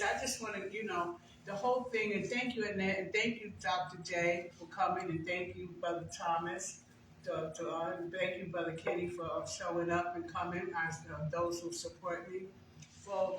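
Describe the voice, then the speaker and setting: A woman's voice: fairly low pitch, fairly even intonation, normal speed, fairly bright tone, slight background noise. An older woman giving a conversational personal testimony as a guest speaker, telling stories with emphasis. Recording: very echoey room, far from mic.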